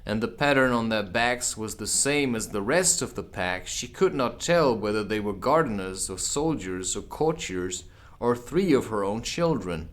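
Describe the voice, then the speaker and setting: A man reading a children's classic aloud as an audiobook, with casual asides. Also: medium pitch. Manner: unhurried, expressive, drops in casual asides. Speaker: audiobook reader. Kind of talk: audiobook narration.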